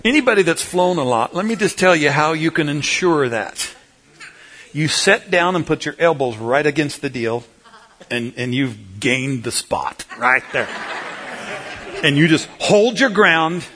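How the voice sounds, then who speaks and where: A man preaching a humorous sermon, telling a folksy, animated story that swings between loud and soft. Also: fairly high pitch, measured pace, background noise.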